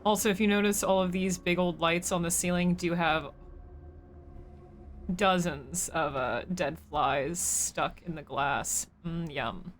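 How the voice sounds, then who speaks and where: A woman's voice: fairly low pitch, unhurried, slight background noise. A woman streamer giving casual live commentary as she plays a game, chatty and joking as she thinks aloud.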